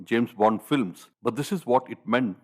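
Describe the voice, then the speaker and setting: A man narrates a scripted video documentary at a middling pitch. His delivery is measured and explanatory, laying out the facts step by step.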